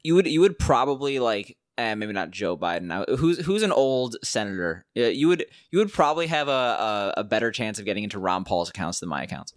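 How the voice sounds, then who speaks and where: A man's voice: fairly low pitch, very animated, a little fast, few pauses, dry recording, clean studio sound. A young American man in casual chat, filling his talk with "like" and other fillers. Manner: heavy use of "like", casual filler-laden talk.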